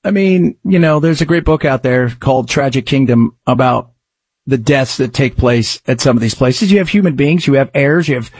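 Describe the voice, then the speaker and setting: A man's voice: on the high side, slightly rough, no echo. A man hosting a talk radio show, chatting in a rambling, conversational way with emphatic rises, close to a studio mic. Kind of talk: casual talk radio commentary.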